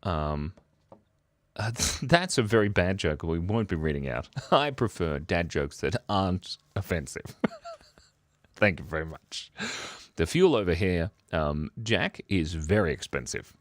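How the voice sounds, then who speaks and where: A middle-aged man with an Australian accent chatting casually with viewers of his livestream at home, speaking quietly and laughing often. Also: low-pitched, sing-song, unhurried, no echo. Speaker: livestream host. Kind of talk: casual chat reading viewer comments. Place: home, early morning. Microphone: microphone worn near the beard.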